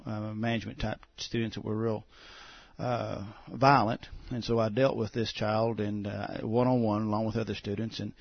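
A pastor telling a testimony as a guest on a talk show, halting and full of "uh" fillers. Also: male voice, fairly low pitch, flat delivery, creaky, no room sound. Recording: dull, muffled sound.

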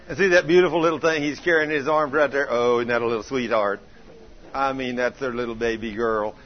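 A man preaching a sermon, telling folksy stories and swinging from loud to hushed. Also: medium pitch, fairly even intonation, a little fast, slight background noise. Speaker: pastor. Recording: dull lo-fi sermon recording.

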